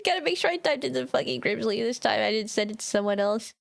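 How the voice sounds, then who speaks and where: A woman's voice: fairly high pitch, quick pace, gravelly. A woman streamer chatting casually with her viewers while playing a game, giggling often and swearing now and then. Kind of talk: casual livestream chat while gaming.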